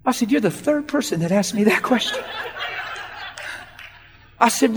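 Animated high-voiced male preacher in a hall. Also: brisk. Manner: animated preacher acting out quoted voices, laughing often. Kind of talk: sermon storytelling. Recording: long reverb with faint music.

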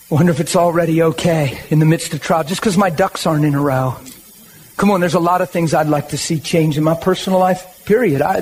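A man's voice: a little high, a little hiss or hum. A man preaching a sermon in a conversational, emphatic way, with frequent rallying asides to the congregation.

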